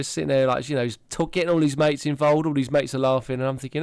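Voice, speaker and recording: A man's voice: mid-range voice, steady tone, quick pace, few pauses, a little mellow, smooth, dry recording. A man in his thirties, telling rambling, sweary stories in a casual podcast chat over an online call. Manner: rambling, sweary storytelling with frequent laughs. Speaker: podcast host.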